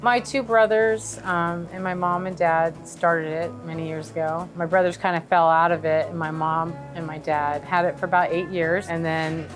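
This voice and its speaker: A woman's voice: lowish voice, steady tone, normal speed, few pauses, music in the background. A middle-aged woman who owns a restaurant, explaining her cooking and history in a plain, matter-of-fact way. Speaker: restaurant owner. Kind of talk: casual interview.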